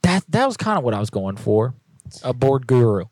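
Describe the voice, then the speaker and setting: A man's voice: mid-range voice, big pitch swings, brisk, a little mellow, no room sound. Joking streamer man, dry mic. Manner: joking, reading chat aloud. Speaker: streamer host of prank calls. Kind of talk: casual live-stream chat.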